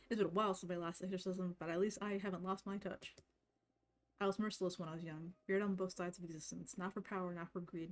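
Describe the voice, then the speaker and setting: A woman's voice: mid-range voice, close to an everyday voice. A woman reading the lines of a blunt old witch necromancer in a game, talking in a brash, threatening way. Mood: menacing. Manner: brash, threatening then gruffly apologetic. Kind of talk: reading game dialogue aloud.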